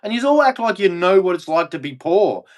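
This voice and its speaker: Australian man, agitated rant, lots of swearing, fairly high voice. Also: big pitch swings, fairly quick. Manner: agitated, profane, repetitive. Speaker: streamer. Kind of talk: angry rant.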